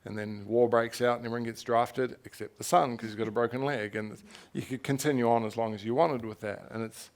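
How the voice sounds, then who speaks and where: A man's voice: mid-range voice, steady tone, fairly quick, few pauses. A young man from New Zealand, an author speaking candidly on stage, telling his story frankly and animatedly, with laughter and the odd swear word. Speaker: author at a festival talk. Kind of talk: candid live conversation on stage.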